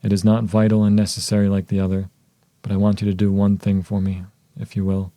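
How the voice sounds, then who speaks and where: A man voicing a devoted young wife in an audiobook, soft and measured, with a very mellow, low voice. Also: monotone, no room sound, natural voice. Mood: solemn tender.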